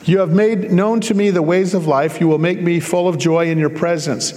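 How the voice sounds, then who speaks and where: A man's voice: sits high, steady tone, normal speed, a little mellow, big-room sound. A man preaching a sermon, reading scripture aloud and breaking off for casual, joking asides to explain it.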